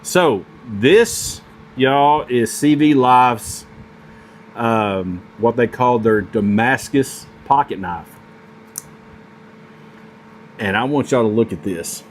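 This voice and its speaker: A man reviewing pocket knives in a casual vlog, speaking at an unhurried, drawn-out pace. He gushes with excitement and keeps stumbling over ums and restarts. A faint air-conditioning hum sits behind his voice. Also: medium pitch. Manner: excitable and gushing, with many fillers and restarts. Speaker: knife reviewer.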